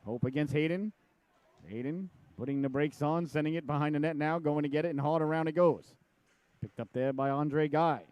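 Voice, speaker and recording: A middle-aged man calls live hockey play-by-play, chatty and jokey and drifting into personal stories, his voice jumping up sharply on shots and saves. He speaks at normal speed in a smooth voice on the high side, with no room sound and the highs cut off.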